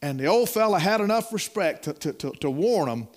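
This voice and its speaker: A middle-aged preacher gives a sermon in a lively, high-pitched voice that swoops up and down, speaking a little fast. His delivery is folksy and story-like, with stumbles, repeated words, and calls of "my friend."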